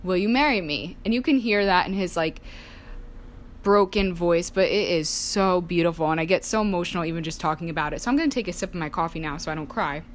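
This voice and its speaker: A woman's voice: fairly low pitch, quick pace. A young woman casually telling personal stories, chatty, saying "like" a lot and acting out family members' lines. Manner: chatty, heavy use of "like", acts out family voices. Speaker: storyteller sharing personal life.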